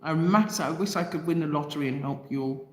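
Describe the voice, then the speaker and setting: A woman's voice: low voice, brisk. A woman hosting a livestream and reading out viewer comments, talking passionately and directly to her audience. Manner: passionate, impassioned, talks straight to viewers. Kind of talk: emotional livestream chat. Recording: roomy echo with long reverb.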